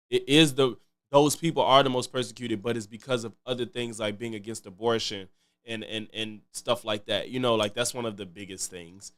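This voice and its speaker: A man's voice: mid-range voice, fairly bright tone. A man commenting casually on a live stream, loose and chatty, repeating himself and thanking viewers. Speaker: streamer reacting to clips.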